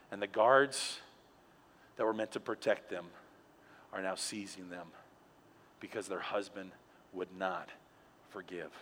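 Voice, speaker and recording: A male pastor preaching a sermon in an animated storytelling way, dropping quiet for emphasis. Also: lowish voice, slight background noise. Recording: long hall reverb.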